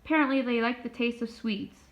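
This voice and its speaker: Woman doing a bossy queen, loud and firm, kinda high voice, muffled recording. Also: fairly even intonation, a little fast, lightly acted. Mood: regal. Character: commanding regal queen, brisk. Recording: dull lo-fi recording.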